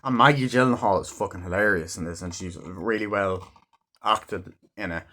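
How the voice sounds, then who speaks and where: Low-voiced man for a loose, sweary film review that wanders from scene to scene with plenty of fillers. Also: moderate pace, sharp tone. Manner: rambling and heavily profane; loosely retells scenes with frequent "like" and "um". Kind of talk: casual movie review.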